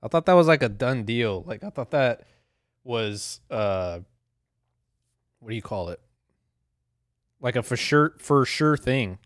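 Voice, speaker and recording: A man's voice: mid-range voice, animated, a little slow, pauses often, no echo. A young man talks straight into a close podcast mic, and the sound is dry with almost no room. His solo rant is casual and full of swearing. He rambles from point to point and laughs at himself along the way. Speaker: podcast host.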